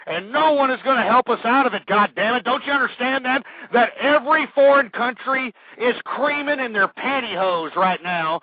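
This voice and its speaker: A man hosting a talk radio show, delivering an indignant, swearing tirade that keeps breaking into shouts. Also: very high voice, moderate pace, few pauses, very noisy. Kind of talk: ranting talk radio monologue. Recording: tinny phone-like dry sound.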